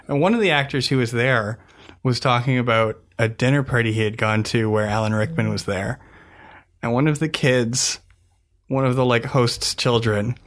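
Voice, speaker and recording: Male podcast host, casual chat, enthusiastic trivia fan, average-pitched voice, lots of restarts. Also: fairly bright tone. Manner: eager, trivia-loving, tumbling restarts.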